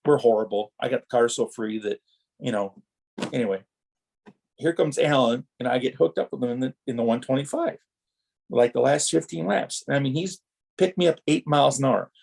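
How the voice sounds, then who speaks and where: Raspy fry-heavy middle-aged guy from wisconsin telling racing stories, rambling. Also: medium pitch, a little fast. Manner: animated anecdotes, acts out quoted exchanges. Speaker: retired racer, podcast guest. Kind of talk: rambling storytelling.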